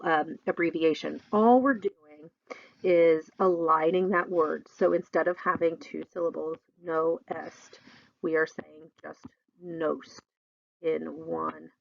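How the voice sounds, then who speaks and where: A woman's voice: on the low side, creaky, fairly bright tone, dry recording, dull audio. A middle-aged woman teaching a recorded lesson, explaining in a chatty way with lots of fillers.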